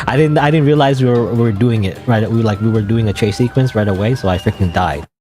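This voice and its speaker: A man's voice: lowish voice, expressive, brisk, darkish tone, soft background music. A male streamer rambling through casual gameplay commentary, full of fillers and a bit out of breath.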